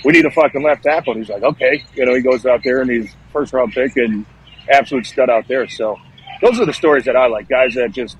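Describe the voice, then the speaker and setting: A man's voice: medium pitch, brisk, slight background noise, poor audio. A man in his thirties, a former pro football lineman, telling stories in a casual, profane, rambling podcast chat. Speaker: former NFL offensive lineman guest.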